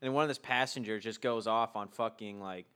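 A man's voice: fairly low pitch, a little fast, sharp tone, clean tone. A man in a casual podcast chat, telling a wry story and swearing casually. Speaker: podcast co-host.

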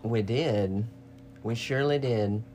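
A woman co-hosting a casual let's-play, chatting and loudly coaching the player through fights. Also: very deep voice, slow pace, a little hiss or hum. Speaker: co-host watching a game being played.

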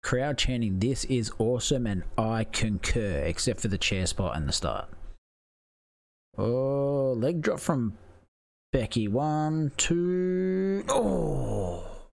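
A man giving casual, excitable live commentary, swearing freely and gasping at the big moves. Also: mid-range voice, takes it slowly, creaky. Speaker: watch-along commentator.

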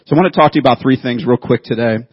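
A man in his thirties, a pastor, preaching a sermon and telling a childhood story in an animated way, laughing at himself. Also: mid-range voice, racing, slightly rough, no room sound, highs cut off.

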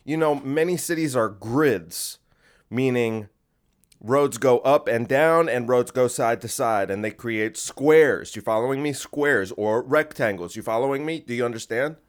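A man's voice: mid-range voice, a little slow. Rambling, combative male podcast host. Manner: rambling, combative, talking to the listener. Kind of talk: casual comedic rant. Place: home room in a creaky chair.

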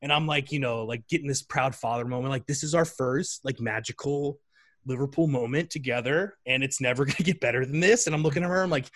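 A man telling a story in a casual chat, animated and full of fillers. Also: medium pitch, fast. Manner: animated, chatty, many fillers.

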